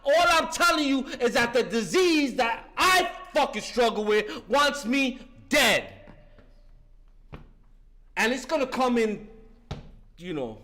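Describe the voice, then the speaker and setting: A man's voice: very high voice, sing-song, slow pace, long pauses, sharp tone. A man in his fifties giving a fervent, profane share at a recovery meeting, talking street-style and breaking in with "listen" again and again. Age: 50s.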